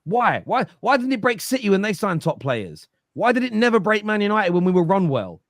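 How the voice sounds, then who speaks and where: A man's voice: high voice, big pitch swings, brisk, dry recording, studio quality. A man giving football opinions on a fan show, emphatic and lecturing, often repeating himself. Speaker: football pundit. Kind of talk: animated football opinion talk.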